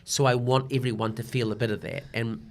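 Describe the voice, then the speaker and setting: A man's voice: mid-range voice, a little fast, vocal fry. An older man with a New Zealand accent, a broadcaster talking casually in an interview and often acting out quoted voices. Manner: animated storyteller, slips into quoted voices. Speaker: broadcaster guest.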